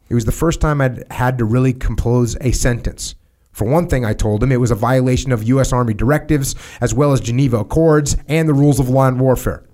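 A podcast host reading from a memoir, pausing for conversational asides that explain what he just read. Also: medium pitch, warm tone.

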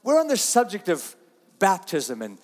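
Man preaching, high voice, earnest, reads scripture, long hall reverb. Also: huge pitch swings, moderate pace, a little mellow. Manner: earnest, repeats phrases, reads scripture aloud. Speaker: pastor. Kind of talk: sermon.

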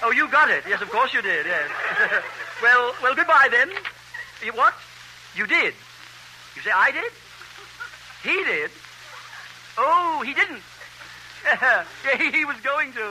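A man doing 1930s radio comedy banter, chatty and giggly with quick asides. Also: very high voice, sing-song, sharp tone, a little hiss or hum, low-quality recording.

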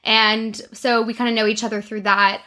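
A woman's voice: fairly high pitch, flat delivery, bright, forceful tone. A young woman hosting a lifestyle podcast from her bedroom, chatting in a gushing, effusive way with lots of fillers. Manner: gushing, effusive, quick filler-laden talk. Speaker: podcast host. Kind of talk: casual chat.

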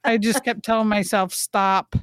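A woman co-hosting a reality-TV recap podcast, talking in a brash, animated way with heavy swearing. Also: lowish voice, moderate pace, no echo, clean studio sound. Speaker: podcast co-host. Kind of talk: casual reality-TV recap chat.

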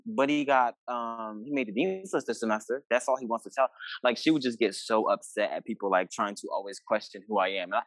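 A young man talks fast in a lowish voice, a guest in a casual podcast chat. He tells stories with lively acted-out quotes and swears freely. His voice sounds dry and close to the mic. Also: no echo. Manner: animated storyteller, acts out quoted family lines, swears freely.

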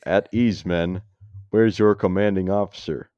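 Gruff folksy army general, deep and dark, voiced by a man reading a story; dry lo-fi mic. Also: fairly even intonation, a little slow, no room sound. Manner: folksy drawl, blunt. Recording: dull lo-fi dry home mic.

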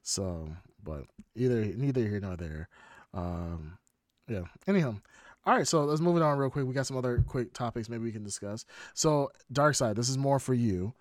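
A man's voice: mid-range voice, normal speed, no echo. A male podcast host chats casually in a mid-range voice and rambles through his stories with animation. His voice sounds close and dry. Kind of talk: casual chat.

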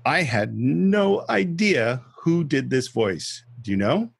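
Man, podcast co-host, husky voice, dry close sound, chatty scene-by-scene retelling. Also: mid-range voice, expressive, takes it slowly, no echo. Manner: retells film scenes step by step, with acted-out quotes. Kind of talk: casual film-discussion chat.

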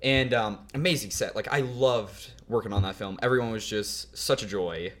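A man, an actor guest on a podcast, chatting casually and hesitantly, pausing with fillers as he searches his memory. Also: on the low side, a bit bright.

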